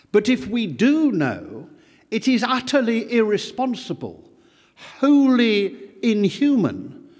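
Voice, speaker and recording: An older man from Britain giving a formal conference speech, measured and emphatic with slow pauses, in a large hall. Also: high voice. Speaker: conference speaker.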